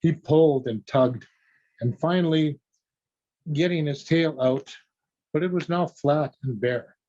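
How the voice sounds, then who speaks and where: A man giving a talk on traditional teachings and telling a story, in a slow, measured way. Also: fairly high pitch, dark tone. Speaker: conference speaker. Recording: dull lo-fi audio.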